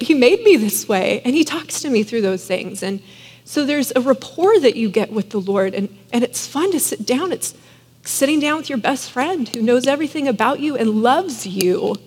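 A woman's voice: high-pitched, darkish tone, husky, long reverb tail. A woman in her thirties, a mother, giving an earnest, casual devotional talk full of "like". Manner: earnest, many fillers of "like". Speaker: Christian speaker.

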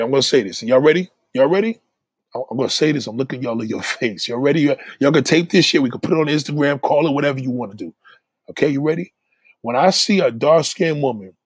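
Man, blunt opinionated host, husky voice that swings up and down, close and dry. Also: medium pitch, a little mellow, no echo. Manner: blunt and heated, swears a lot, repeats words. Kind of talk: casual opinionated rant.

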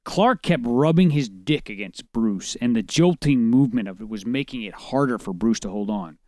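A man's voice: lively intonation, moderate pace, a little mellow, no room sound, studio quality. A man co-hosting a comedy podcast, reading fan fiction aloud and breaking into laughter, trying silly character voices. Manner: laughs often, breaks into high giggles, tries character voices.

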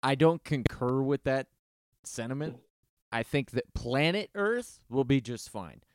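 A man co-hosting a podcast, talking through a music review in a casual, animated, profane way, often stopping and restarting mid-sentence. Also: mid-range voice, a little slow, dry recording, clean studio sound. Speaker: podcast co-host.

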